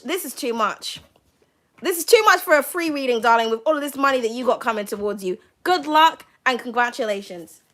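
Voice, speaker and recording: Excitable high-voiced woman reading tarot. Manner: excitable, chatty, swears freely. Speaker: tarot reader. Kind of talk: live-stream tarot reading.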